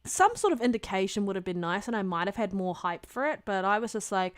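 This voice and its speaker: A woman's voice: medium pitch, animated, fairly quick, hardly any pauses, smooth. A woman co-hosting a gaming podcast, chatting in a candid, rambling way and swearing casually. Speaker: podcast co-host.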